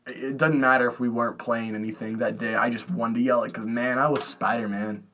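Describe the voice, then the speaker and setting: A man's voice: brisk, slight background noise. Laughing young man telling stories. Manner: animated storytelling, laughing, pitch jumps when excited. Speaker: podcast co-host. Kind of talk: casual chat. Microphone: podcast microphone.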